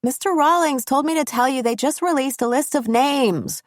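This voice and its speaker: Woman doing a loud kid blurting, dry booth sound. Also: sits high, normal speed, no echo, voice pushed up, natural voice. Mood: loud, urgent. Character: loud excited school student.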